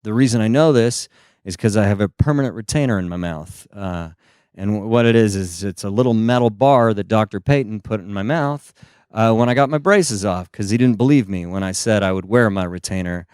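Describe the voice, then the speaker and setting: A young man from the United States doing a stand-up comedy set on a small stage into a handheld microphone, telling stories and jumping into high, silly voices for the people he quotes. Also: brisk, a little mellow, clean tone, dry recording, studio quality.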